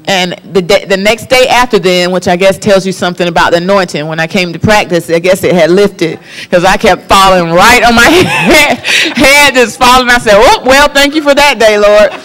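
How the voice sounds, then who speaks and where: Animated young woman telling a story. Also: medium pitch, normal speed, few pauses. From Florida Panhandle, US. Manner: animated storytelling, laughs often. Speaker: guest. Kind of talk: personal testimony in a talk show.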